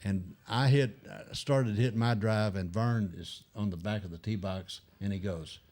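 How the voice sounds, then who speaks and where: An older man telling animated anecdotes as a guest in a casual chat, acting out other people's lines. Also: fairly low pitch, normal speed.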